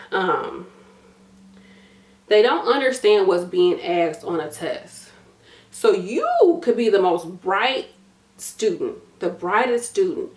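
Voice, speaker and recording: A woman's voice: medium pitch, a little mellow, echoey room. Tired woman giving blunt study advice. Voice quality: matter-of-fact, direct, coaching tone. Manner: casual, uses y'all and gonna, repeats herself for emphasis. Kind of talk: casual advice vlog.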